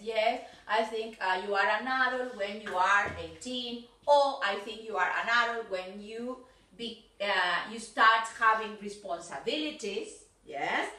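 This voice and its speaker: In a recorded video class, a woman with an Argentine Spanish accent teaches English, moving between Spanish and English as she corrects pronunciation. Her mid-range voice is bright and forceful. The recording sounds roomy and distant.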